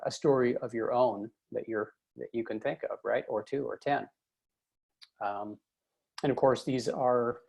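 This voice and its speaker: Over a video call mic, a man presents a webinar on workplace conflict, telling stories conversationally with many fillers and restarts. His mid-range voice is creaky, a little mellow, and slightly rough.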